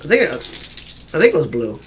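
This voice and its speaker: A man's voice: fairly high pitch, big pitch swings, moderate pace, slight background noise. A man playing in a tabletop game, chatting casually and stumbling over his words as he tells stories. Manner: stammering, restarts a lot, laughs. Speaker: player.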